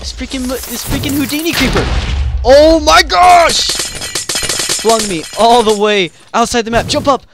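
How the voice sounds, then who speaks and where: A man giving excitable gameplay commentary, yelping and trash-talking the other players. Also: very high-pitched, a little fast, few pauses. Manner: excitable, yelps and trash-talks opponents. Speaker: gaming channel host.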